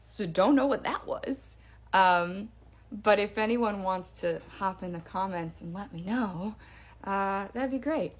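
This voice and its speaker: A woman recounting a creepy encounter in a chatty, unscripted way. She talks with plenty of ums and likes, and her voice swings up high when she acts out what she heard. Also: measured pace. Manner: animated, spooky retelling with fillers. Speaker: storyteller. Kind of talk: casual first-person ghost story.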